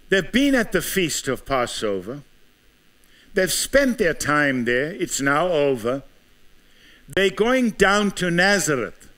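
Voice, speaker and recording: Animated South African preacher man. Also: on the high side. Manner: rhetorical questions, emphatic preaching. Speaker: pastor. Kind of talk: sermon.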